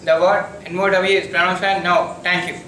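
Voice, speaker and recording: A young man presenting in class, spelling words letter by letter in a brisk recital. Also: sits high, flat delivery, pushed and bright. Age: young adult. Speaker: student presenter. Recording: echoey classroom from far off.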